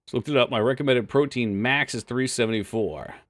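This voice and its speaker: A man's voice: mid-range voice, brisk, no echo. A man streaming a game live, chatting casually with his chat, swearing freely and now and then reading game text aloud. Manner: reads game files aloud in a flat voice.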